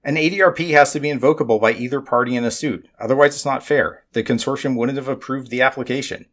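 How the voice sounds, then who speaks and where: A man voicing a gruff, dismissive middle-aged male mining executive who talks bluntly. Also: mid-range voice, fast talker, fairly bright tone, voice pushed up, natural voice. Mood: exasperated.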